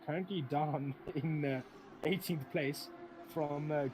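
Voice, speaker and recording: A man's voice: fairly high pitch, fairly even intonation, takes it slowly. Man, sim racing commentator, live commentary, rambling, self-correcting, engine noise behind.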